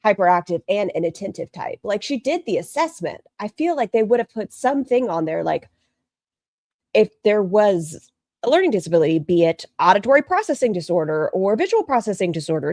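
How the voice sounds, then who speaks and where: Reading viewers' comments out loud, a woman runs a laid-back livestream in a blunt, gossipy way. Her medium-pitched voice is a little mellow, and the studio sound is clean with no room sound.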